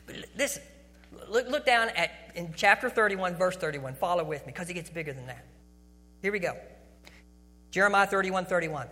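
High, bright-voiced preacher in a reverberant hall. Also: male voice, animated, normal speed, pauses often. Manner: conversational preaching with frequent restarts. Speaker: pastor. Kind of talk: sermon.

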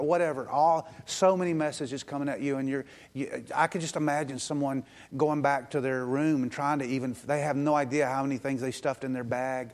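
A pastor preaching a lively sermon at a church service, with quick asides and frequent "um" fillers. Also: male voice, medium pitch.

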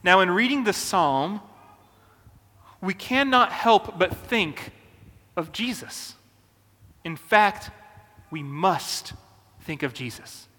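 A man preaching a sermon as a pastor, earnest and deliberate, with emphatic pauses. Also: high voice, lively intonation, pushed and bright, long reverb tail.

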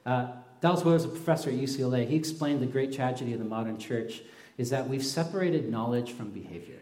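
A young male pastor gives a casual, animated sermon, slipping into little acted-out voices when he tells a story. His mid-pitched voice rings out in a roomy hall with a clear echo.

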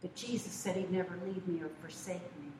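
A woman's voice: on the low side, steady tone, brisk. Older woman preacher, conversational sermon style; distant mic with audible room noise. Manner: conversational storytelling, folksy asides. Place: church sanctuary. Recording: echoey church from far off.

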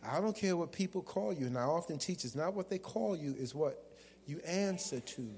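A man preaching a sermon as a guest preacher, calling out to the congregation and shouting at times. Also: fairly high pitch, animated, moderate pace, slight background noise. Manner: call-and-response preaching with bursts of shouting. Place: church sanctuary. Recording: long hall reverb.

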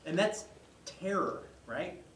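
A male pastor giving a conversational sermon, retelling a story with lively quoted voices. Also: high voice, takes it slowly, a little hiss or hum. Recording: echoey hall, mic far off.

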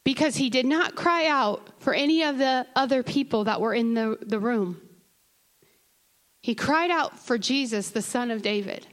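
Woman, high voice, preacher, church sermon, casual asides, impassioned build. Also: normal speed. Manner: rises to impassioned crying out; conversational asides to the congregation. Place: church sanctuary.

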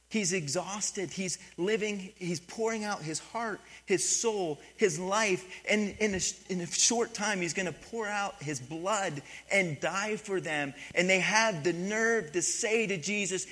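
A middle-aged pastor preaches an animated sermon in a high voice with a breathy edge. He drops quiet and then builds back up, often asking the congregation questions.

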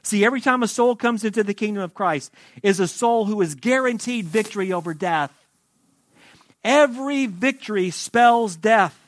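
A man delivers a sermon in a fairly high voice, swinging from forceful, raised emphasis to hushed, low asides. The recording is dry and close, with no room echo. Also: brisk, hardly any pauses. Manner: dynamic preaching, swings between loud emphasis and soft asides. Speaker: pastor.

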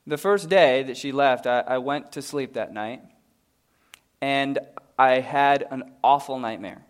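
A male pastor delivers a live church sermon, full of storytelling. His mid-range voice climbs to loud, emphatic peaks and then falls to near-hushed quiet. He ends by leading the congregation in prayer. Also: mid-range voice, measured pace. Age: adult, father of a young daughter. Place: church service, recorded live.

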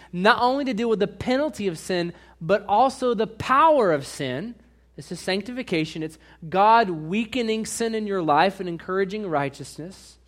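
A man with a notably high voice preaches a sermon as the pastor. He swings between hushed confessional asides and loud, slowed-down emphasis. He often turns to the congregation with direct questions.

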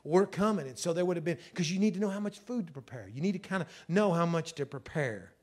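A male pastor preaching a sermon with passion, dropping low and then rising loud. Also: animated, fast. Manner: impassioned, swings from soft to loud.

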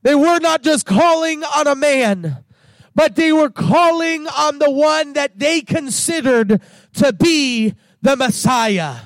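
High, gravelly-voiced preaching man. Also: slow, dry recording. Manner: preaching with swells into shouts and frequent "uh" fillers. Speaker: pastor. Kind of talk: sermon.

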